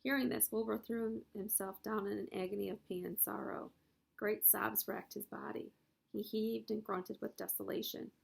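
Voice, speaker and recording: A woman's voice: medium pitch, steady tone, moderate pace, vocal fry, breathy edge. A woman reading a children's novel aloud. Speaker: reader.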